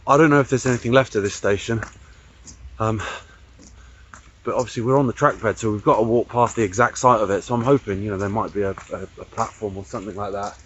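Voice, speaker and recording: A man's voice: fairly low pitch, quick pace, a bit bright, highs cut off, a little hiss or hum. A man hosting a walking vlog, thinking aloud about old railway features as he walks an old trackbed outdoors. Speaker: vlog host. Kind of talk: casual walking commentary.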